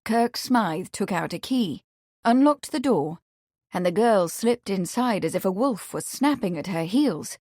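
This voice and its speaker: A woman's voice: mid-range voice, no echo, studio quality. Woman narrating a mystery audiobook. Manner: even, measured reading. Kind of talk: scripted narration.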